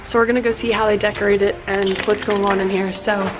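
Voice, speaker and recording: A woman talks casually to her vlog camera, rambling along with plenty of fillers. Her voice sits at an ordinary middle pitch, and she is filmed on a handheld camera. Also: level tone, quick pace, background noise. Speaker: family vlogger.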